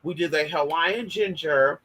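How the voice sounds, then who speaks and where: A man's voice: fairly high pitch, a little slow, sharp tone, low-quality recording. A young man from Northern California telling gossipy stories to his viewers in a casual vlog, sassy and profane, calling them girl and y'all. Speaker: vlogger. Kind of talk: casual storytelling monologue.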